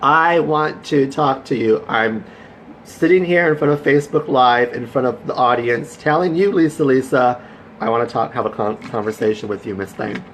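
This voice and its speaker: With lively intonation and a mid-range voice at normal speed, a man hosts a casual Facebook Live stream. He chats effusively, welcomes viewers by name and roots for them, and there's slight background noise.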